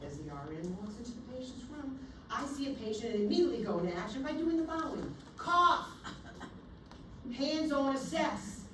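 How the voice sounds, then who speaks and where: A woman teaching a nursing class in a lively, theatrical way, acting out bedside scenarios as she lectures. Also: sits high, fast, far from the mic, slight background noise. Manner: animated, theatrical, acts out scenarios. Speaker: nursing instructor. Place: lecture room. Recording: echoey room, recorded from afar.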